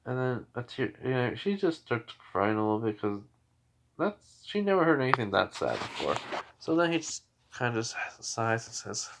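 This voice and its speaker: A man's voice: medium pitch, big pitch swings, moderate pace, slight background noise. Rambling man retelling a story. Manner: rambling, with fillers and restarts. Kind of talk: casual retelling of a fan story.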